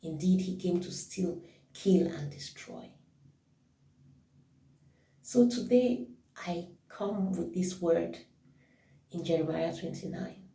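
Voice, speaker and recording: A woman's voice: fairly low pitch, slow, vocal fry, pauses often, mellow. A woman giving an informal devotional talk as a worship leader, reflective and thinking aloud as she corrects herself. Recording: roomy echo, mic at a distance.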